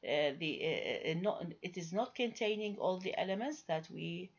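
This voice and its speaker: A woman lecturing students, explaining step by step and answering her own questions, with frequent pauses and restarts. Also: on the low side, animated, slightly rough. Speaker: university English lecturer. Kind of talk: recorded lecture. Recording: dull lo-fi recording.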